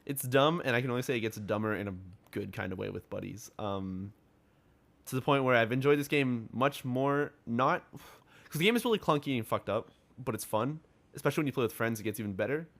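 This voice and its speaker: A man's voice: medium pitch, lively intonation, a little fast, creaky, fairly bright tone. A man co-hosting a casual gaming podcast, rambling and profane, loose and filler-heavy. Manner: rambling, laid-back, profane, lots of filler words. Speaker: podcast co-host.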